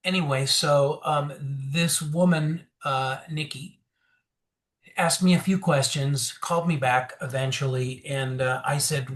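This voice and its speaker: Guy sharing his recovery story, kinda high voice, candid, acts out what people said, lots of ums. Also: measured pace. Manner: candid, animated storytelling with acted quotes; frequent fillers and restarts. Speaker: interview guest.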